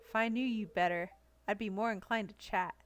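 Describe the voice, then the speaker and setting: A woman reading as a gruff middle-aged village woman. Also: medium pitch, steady tone, a little fast, close to an everyday voice. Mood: grateful.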